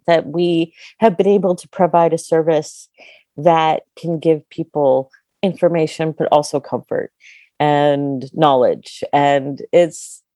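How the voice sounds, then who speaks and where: A woman's voice: deep voice, dark tone, no room sound, studio quality. A middle-aged woman who owns a bookstore, chatting in an interview with enthusiasm, full of fillers and restarts. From California. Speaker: bookstore owner. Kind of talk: casual interview chat.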